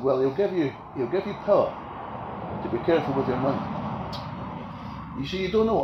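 Passionate male preacher, fairly high voice, big swings from loud declarations to quiet asides. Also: expressive, a little fast, pauses often, dull audio. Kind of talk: sermon. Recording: echoey room with faint ambient noise.

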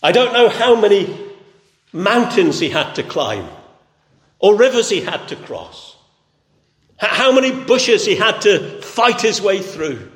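A man preaches in a long, echoing hall. His voice sits high and swings widely in pitch. He builds emphasis through steady, repeated phrases. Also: a little slow, pauses often. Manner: emphatic, repetitive preaching cadence. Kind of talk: sermon. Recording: echoey hall.

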